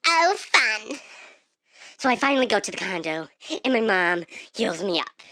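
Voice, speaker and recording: A woman vlogger telling a dramatic storytime monologue, often jumping into shrill shouted outbursts. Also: animated, fairly quick, no room sound.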